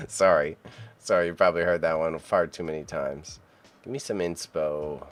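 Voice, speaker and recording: A man's voice: very deep voice, fairly even intonation, moderate pace. A man streaming casually as he edits photos, chatting and muttering to himself while he works. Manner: chatty, self-mocking, mutters while working.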